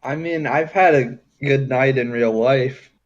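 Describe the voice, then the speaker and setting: A man's voice: medium pitch, unhurried. A man on a casual podcast, making brief, laid-back remarks. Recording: dull with faint noise.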